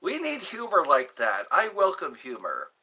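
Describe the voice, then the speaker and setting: A man hosting a casual livestream, reading viewer comments aloud and answering them in a slow, drawn-out, jokey way, often repeating his phrases. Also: a little high, huge pitch swings, pushed and bright, husky. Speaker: livestream host.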